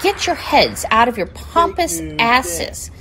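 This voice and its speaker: A woman's voice: fairly high pitch, very animated, takes it slowly, pushed and bright, slight background noise, full character voice, poor audio. A woman doing an impression of an elderly female senator, crabby and swearing. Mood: annoyed. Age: older. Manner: irritable, profane grumbling.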